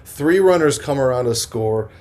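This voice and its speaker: Middle-aged man, interview guest, mellow dark voice, animated storytelling, acts out quotes. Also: mid-range voice, normal speed. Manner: energetic storyteller who acts out quoted voices, restarts often. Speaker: podcast guest, motivational speaker.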